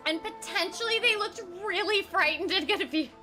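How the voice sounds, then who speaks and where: A woman's voice: very high-pitched, moderate pace. A woman voice actor chatting casually with viewers during a game live stream, playful, giggly and teasing herself. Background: game music.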